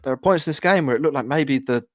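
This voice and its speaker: A man's voice: medium pitch, fast, dry recording, clean studio sound. Joking, laid-back male podcast host. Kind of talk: casual podcast chat.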